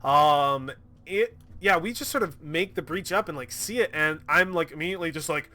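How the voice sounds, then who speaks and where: A man narrating his solo tabletop game in casual chat. He is excitable and swears freely, with a lot of laughing. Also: fairly high pitch, moderate pace. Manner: excitable and profane, laughing often.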